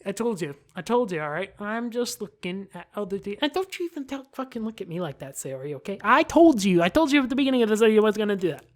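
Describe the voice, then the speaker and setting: A woman doing let's-play commentary on a visual novel, reacting loudly with profane jokes. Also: medium pitch, big pitch swings, quick pace, few pauses. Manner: loud, profane, joking reactions. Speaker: gamer.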